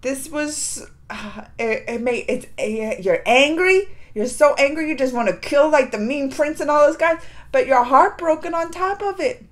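Emotional woman, slightly high voice. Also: animated, moderate pace. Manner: emotional, colloquial, retelling scenes with feeling. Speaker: reaction video host. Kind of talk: casual reaction commentary.

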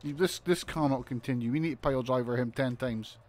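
A man commentating on a wrestling video game as he plays, excitable, swearing and shouting in disbelief. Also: mid-range voice, fairly quick, a little hiss or hum. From United Kingdom. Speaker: gaming commentator.

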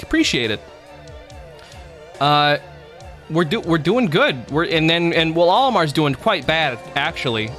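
A man's voice: a little high, a bit bright. Rambling, profane male streamer. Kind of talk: casual live gameplay commentary.

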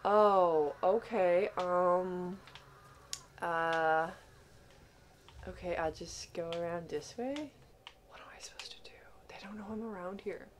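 A woman giving panicky, excitable commentary while playing a video game for the first time, laughing often. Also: lowish voice, slow pace, long pauses, a little hiss or hum. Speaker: gaming channel host.

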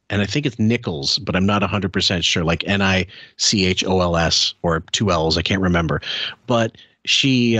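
A man's voice: low voice, fairly bright tone, dry recording. A man hosting a casual podcast, talking in a rambling, wry way with the odd chuckle into a close mic. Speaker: podcast host.

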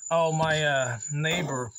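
Slow-talking, teasing man vlogging at home. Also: fairly high pitch, steady tone, fairly bright tone, a little hiss or hum. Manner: chatty, teasing, talks to his dog and to viewers. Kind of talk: casual rambling vlog. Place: home yard and house, partly outdoors.

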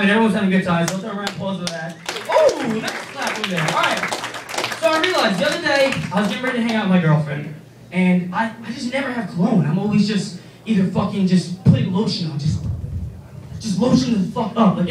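A young man doing a stand-up set on a club stage, rambling and profane with animated asides. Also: sits high, recorded from a distance, slight background noise. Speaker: stand-up comedian. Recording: echoey room from afar, crowd.

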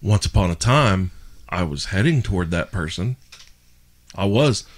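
A man hosting a podcast and telling stories in casual chat, animated and full of swearing. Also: low-pitched, a little slow. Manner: profane, animated storyteller. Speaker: podcast host.

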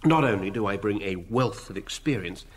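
A man's voice: on the low side, expressive, moderate pace, slightly rough. An actor playing a fawning, self-important man who has made himself an agent, in a radio sitcom. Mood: smug. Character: scheming sycophantic male self-made talent agent.

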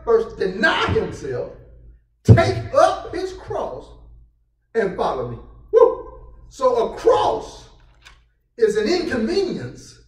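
A man preaching a sermon as pastor, building into shouted exclamations and call-outs to his congregation. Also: high voice. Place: church sanctuary. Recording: echoey church room, mic from a distance.

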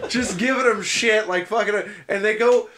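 A man co-hosting a casual podcast, retelling scenes in a rambling, excited way and swearing a lot. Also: high voice, normal speed, crowd noise. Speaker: podcast co-host. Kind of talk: casual chat.

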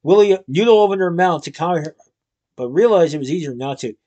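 Casting: male reader, fairly high voice, storybook narration with lightly voiced characters. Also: lively intonation, fast, mellow, dull audio. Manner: reads with small restarts, gives characters lightly different voices. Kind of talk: reading a children's novel aloud.

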